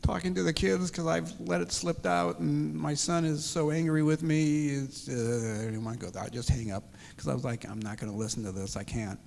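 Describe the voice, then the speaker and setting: A man's voice: on the high side, fairly even intonation, fairly quick, gravelly, hardly any pauses, a little mellow, slight background noise. A retired man in his sixties telling an emotional personal story as an interview guest, acting out the dialogue. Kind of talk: personal testimony. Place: church sanctuary. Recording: long hall reverb.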